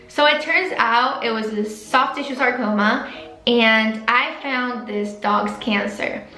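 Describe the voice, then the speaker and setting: A woman's voice: fairly high pitch, slow pace, sharp tone, echoey room, soft background music, low-quality recording. A young woman in her twenties, a veterinary student, talking to camera in a personal vlog; chatty and emotional, at times close to tears. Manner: emotional, openly tearful at times; chatty with many likes and restarts.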